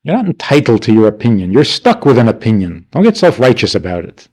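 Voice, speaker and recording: A rabbi gives a class with a lively pitch that swings up and down. He speaks rhetorically and plays out the voices of the people he quotes. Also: fast talker. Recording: archival 1992 class recording.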